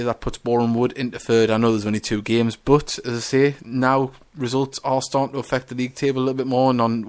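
A man hosting a casual football radio show, reading out listener messages and scores with frequent ums and restarts. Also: medium pitch. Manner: hesitant, lots of ums and restarts.

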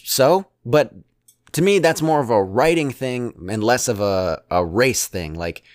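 Brief: man, casual podcast co-host, rambling, halting delivery, dry close mic, mid pitch. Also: expressive, no echo. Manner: rambling, halting, many restarts and fillers; chuckles often. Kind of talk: casual chat.

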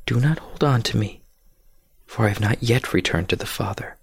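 A man voicing a gentle, kind risen teacher in a dramatic scripture retelling, speaking calmly. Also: fairly low pitch, normal speed, breathy edge. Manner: kind, calm.

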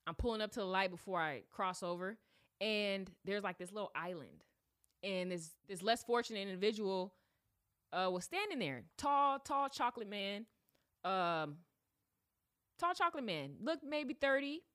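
A woman's voice: mid-range voice, normal speed. A woman hosting a podcast, telling a story in a casual, slangy way and acting out voices as she goes. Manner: animated, slangy, acts out voices. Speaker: podcast host.

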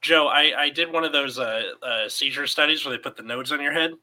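A man's voice: on the high side, brisk, bright, forceful tone, low-quality recording. A man telling stories in casual podcast chat, hesitant with many restarts.

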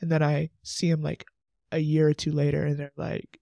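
A young man in his twenties speaks to his podcast listeners about faith, earnest and openly emotional. His voice sits somewhat high for a man, with a rough, fry-laden edge, and he keeps slipping in casual "like" asides. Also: little pitch movement, moderate pace, dark tone, dry recording. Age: 20s. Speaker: podcast host.

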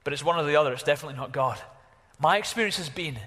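A man preaches a sermon in a reverberant church hall. His voice is fairly high and bright. He is animated, exclaiming at times and dropping to a hush at others. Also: rapid-fire. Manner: animated, exclaiming, varies from loud to hushed. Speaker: pastor.

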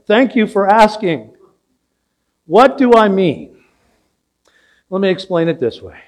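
Older male pastor with a high voice, preaching in a storytelling way. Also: very animated, slow, pauses often, darkish tone. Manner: storytelling, asks the audience questions. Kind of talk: sermon. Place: church sanctuary.

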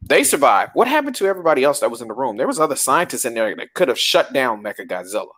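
Lively, questioning podcast man. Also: fast talker. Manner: questioning, laughs a lot with very high-pitched laughs. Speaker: podcast co-host. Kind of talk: casual podcast chat.

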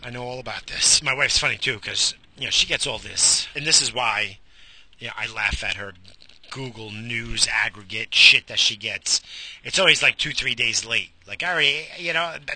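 A man's voice: mid-range voice, normal speed, gravelly, pushed and bright, husky. A middle-aged man hosting an internet radio show, rambling alone in a goofy, profane, self-mocking way. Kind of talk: rambling solo monologue.

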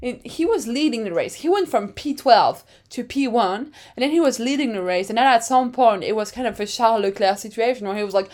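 A woman's voice: fairly high pitch, lively intonation, fairly quick, few pauses, darkish tone. A woman hosting a podcast with casual, dramatic chat. She often laughs at her own jokes. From France. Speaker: podcast host.

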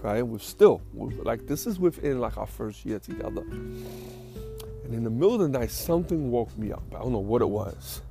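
A man's voice: medium pitch, animated, normal speed, gravelly, over music. A man hosting a podcast, telling rambling, profane, self-amused stories in casual talk. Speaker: podcast host. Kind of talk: casual storytelling.

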